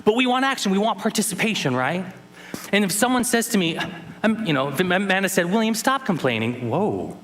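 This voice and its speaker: A man's voice: high voice, big pitch swings, a little fast, fairly bright tone. A man in his thirties giving a playful keynote at a conference, teaching sign language and joking with the audience. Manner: playful, teasing, jokes with the crowd. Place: large conference hall.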